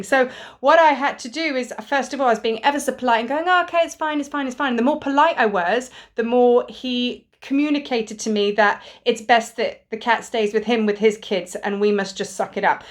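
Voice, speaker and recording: A woman's voice: fairly high pitch, a bit bright. A woman, a spiritual teacher, talking earnestly and rambling a little, with the odd casual swear. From Britain. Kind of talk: casual spiritual talk to camera.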